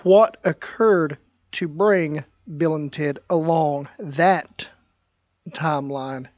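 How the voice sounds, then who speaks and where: A man's voice: on the high side, slow pace, no echo. Hesitant man with a dull, dry sound. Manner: hesitant, many fillers and restarts. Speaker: podcast co-host. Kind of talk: casual chat.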